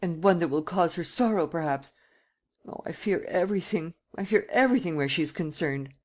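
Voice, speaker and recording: A frightened old woman begging to be left in peace, her voice raised high and trembling with worry, as a male audiobook reader puts her on. She implores and scolds by turns in a storybook reading. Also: animated, a little fast. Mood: pleading. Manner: tearful, imploring. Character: anxious, pleading old woman guardian.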